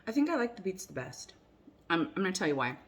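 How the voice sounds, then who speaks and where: A woman vlogs a casual taste test at home as a cooking vlogger, chatting and rambling with many fillers and restarts, sometimes speaking while chewing. Her voice is on the low side with big pitch swings, and she talks fast.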